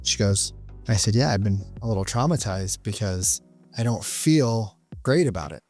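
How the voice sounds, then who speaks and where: Earnest motivational man, soft music behind. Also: fairly low pitch, animated, moderate pace. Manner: earnest, retells conversations with many "right?" asides. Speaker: business coach and vlogger. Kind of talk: motivational talk to camera.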